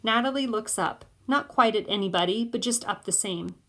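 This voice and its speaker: A woman's voice: a little high, moderate pace, a bit bright. Woman reading a story aloud. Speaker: audiobook narrator. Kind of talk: audiobook reading, first-person boy narrator.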